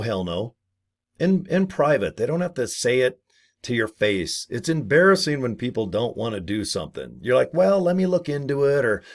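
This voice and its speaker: A man giving rambling, jokey advice in a casual video, acting out little scenes as he goes. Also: fairly low pitch. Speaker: network marketer. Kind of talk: casual talking-head video.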